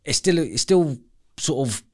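Brief: male podcast host, mid-pitched, short probing questions. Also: lively intonation, unhurried, a little mellow. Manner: brief prompting questions and frequent agreement. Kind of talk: interview questions and backchannel.

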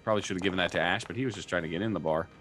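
A game master with a fairly low voice, talking in an easygoing, halting way and often restarting his sentences. Soft music plays faintly underneath. He rules on checks in plain, casual terms. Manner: relaxed, halting, many restarts. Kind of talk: running a tabletop game.

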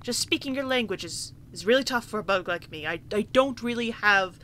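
A woman voicing a small, timid male bug ambassador who speaks softly and kindly, almost whispering at times, while reading game dialogue aloud. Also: mid-range voice, lively intonation, a little fast, a little hiss or hum. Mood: confiding.

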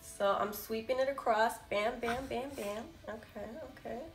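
A young woman vlogger, a bit sick, gushing excitedly to viewers as she unboxes a gift at home on her camera mic. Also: a little high, measured pace. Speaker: beauty vlogger. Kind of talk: unboxing first impressions. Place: room at home with a window. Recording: echoey room, faint background music.

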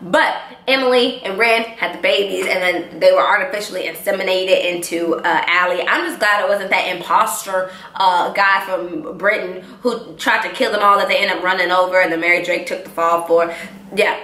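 Chatty young woman recapping a show, bright. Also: mid-range voice, normal speed, roomy sound. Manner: excited, chatty, animated storytelling. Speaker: vlogger. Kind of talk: casual TV recap.

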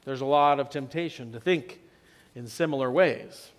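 A man preaching a sermon as pastor, telling the story in a conversational way and swinging between loud and soft for emphasis. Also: medium pitch, moderate pace. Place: church sanctuary. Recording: long church reverb.

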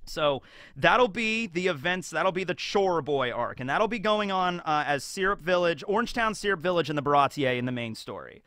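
Man, casual rambling commentary, slightly high voice, dry close sound. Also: lively intonation, moderate pace, pushed and bright, dry recording. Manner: rambling, with many fillers. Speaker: video host.

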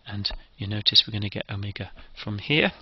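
A man's voice: fairly low pitch, a little fast, husky, dry recording, dull audio. A man giving a methodical, step-by-step engineering lecture.

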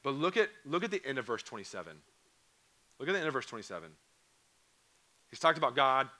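Hoarse young man preaching to students. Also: medium pitch, big pitch swings, quick pace, sharp tone. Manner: earnest, repeats phrases, emphatic questions to students. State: hoarse, voice going. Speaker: camp preacher. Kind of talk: youth camp sermon. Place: church or camp hall.

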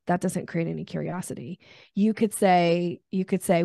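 A middle-aged woman talks sales in a relaxed interview, her voice carrying a slight fry. She animates her points with quick acted-out voices. The sound is close and dry, with no room around it. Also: fairly low pitch, no room sound. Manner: animated, acts out voices in examples. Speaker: sales expert guest. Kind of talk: casual interview chat.

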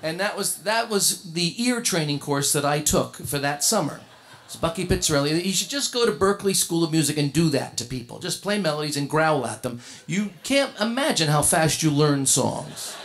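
A middle-aged man, a jazz guitarist and singer, telling a funny story on a concert stage, lively and full of restarts. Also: a little high, moderate pace, creaky. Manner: animated, comic storyteller with frequent laughs and restarts. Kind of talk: anecdotal storytelling at a tribute concert. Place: concert stage before an audience.

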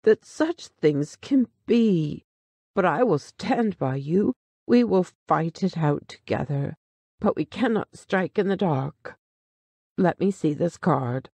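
Brief: reader doing a solemn, kindly businessman from an old story read aloud, slow and mellow. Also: mid-range voice, animated, gravelly, slightly rough, no room sound, full character voice. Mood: earnest. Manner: solemn, sorrowful. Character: loyal, kindly businessman, grave partner.

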